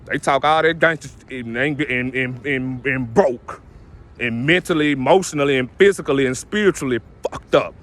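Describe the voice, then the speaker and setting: A man's voice: mid-range voice, moderate pace, a bit bright. A young man in his twenties ranting bluntly to camera in heavy street slang, preaching and calling people out. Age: 20s. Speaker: vlogger.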